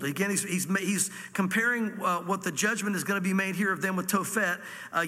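Before a church-hall congregation, a Southern-accented pastor from Virginia, USA, works through scripture in his sermon with homespun asides. He talks fairly quickly in a high, sharp-toned voice, and a long reverb tail trails his words.

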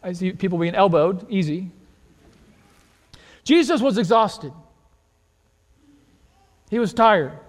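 Male pastor, very high voice, chatty animated sermon with lots of rhetorical questions, long church-hall reverb. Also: takes it slowly, long pauses. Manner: conversational, animated, rhetorical questions, repeats words. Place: church sanctuary.

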